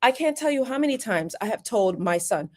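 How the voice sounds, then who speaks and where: A woman's voice: fairly high pitch, expressive, brisk. A woman who works as a workplace lawyer and career coach gives live-streamed career advice in an emphatic, chatty way, repeating key points. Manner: emphatic, repetitive, chatty asides.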